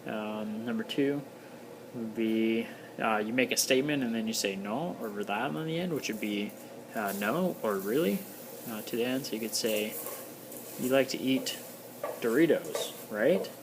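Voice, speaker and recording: A man's voice: lowish voice, normal speed, noisy background. A man giving a casual recorded lesson, explaining step by step with many ums and uhs. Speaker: teacher.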